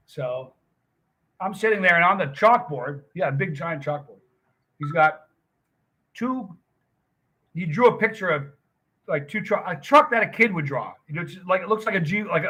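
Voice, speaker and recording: A man's voice: fairly high pitch, pushed and bright, slightly rough. A middle-aged man hosting a livestream, chatting casually with viewers and rambling through a story. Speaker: livestream host. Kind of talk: casual chat with live viewers.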